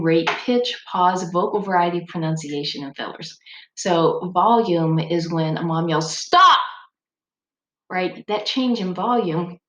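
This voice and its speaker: A woman speech instructor giving a recorded lecture in a conversational, explanatory way, with occasional ums. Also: lowish voice. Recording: roomy echo with faint background noise.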